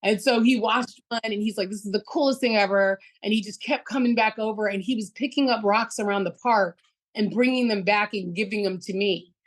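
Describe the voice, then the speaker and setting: A woman who co-founded a business, talking as a guest in a casual interview and telling lively stories full of "like" and "you know". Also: medium pitch, brisk, poor audio.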